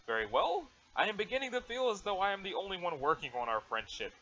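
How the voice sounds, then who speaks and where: A man's voice: high-pitched, very animated, fast, pushed and bright, exaggerated voice. A man voicing an aloof, formal alien troll girl with stiff, overly proper wording, on a dull lo-fi mic.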